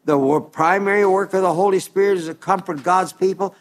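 A man's voice: high voice, fairly quick, few pauses. A man preaching a sermon in an earnest, emphatic way, quoting scripture and stressing his points.

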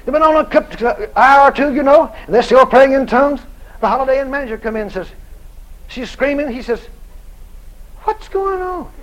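A man preaching a sermon through a dramatic story, animated and bursting into shouts. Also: very high voice, fairly quick, low-quality recording.

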